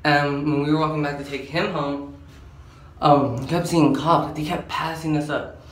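A man's voice: a little high, little pitch movement, moderate pace. An eighteen-year-old man telling a storytime in a rambling, slangy way, filling his talk with "like". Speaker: vlogger. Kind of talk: casual storytime chat. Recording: roomy echo, faint background hum.

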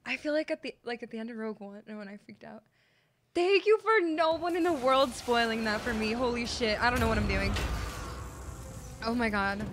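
A young woman streaming a video game, reacting excitedly, swearing and shrieking in surprise. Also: fairly high pitch, moderate pace, a little hiss or hum. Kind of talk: live gameplay reactions. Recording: game music loud behind her.

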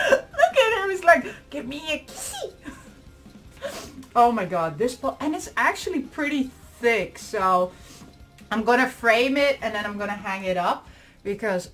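A woman vlogger unboxing and reviewing dolls in casual chat, gushing, squealing and giggling over every item. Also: fairly high pitch.

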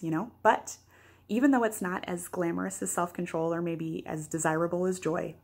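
A woman's voice: fairly low pitch, vocal fry, breathy edge. A woman pastor giving a daily devotional, teaching earnestly with playful asides.

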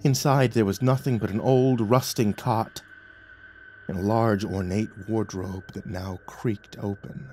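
A man narrating a horror story, swinging from hushed to loud and urgent. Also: lowish voice, fairly even intonation, unhurried, slight background noise.

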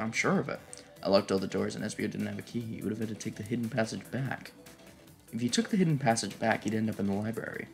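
A woman talks through a story game with a voice that sits low for her sex. Her pitch leaps around widely as she reads lines aloud and swears freely, loudly frustrated at the game. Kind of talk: let's play commentary.

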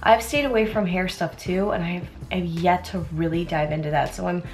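A woman's voice: fairly low pitch, steady tone, moderate pace, a little mellow. A young American woman chatting in a rambling way while doing her makeup, often interrupting herself with asides. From United States. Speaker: beauty vlogger.

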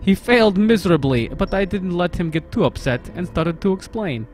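A man's voice: high voice, lively intonation, moderate pace, a little mellow, soft background music. A man putting on a comic Russian accent and broken English, reading a game's story aloud as a let's play host. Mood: hammy. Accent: put-on Russian. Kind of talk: comedic game reading.

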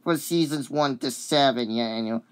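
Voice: medium pitch, normal speed, smooth. A sick, coughing video uploader chatting casually about a cartoon song, rambling and hesitant with many fillers and apologies.

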